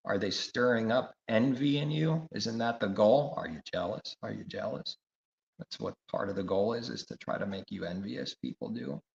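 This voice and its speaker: A man's voice: lowish voice, creaky. A man preaching a sermon, emphatic and repetitive, firing rhetorical questions. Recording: echoey room, dull lo-fi sound.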